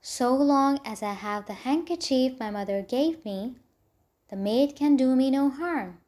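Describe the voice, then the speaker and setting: A woman's voice: high voice, animated, measured pace, darkish tone. A woman voicing a kind, trusting young princess who speaks in a friendly, polite tone in a storybook reading. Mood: gentle.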